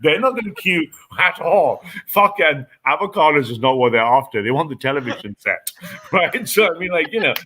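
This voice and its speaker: A man's voice: fairly high pitch, animated, moderate pace, pushed and bright, husky, poor audio. A man hosting a reaction show, talking in a casual, profane and mocking way with frequent laughter.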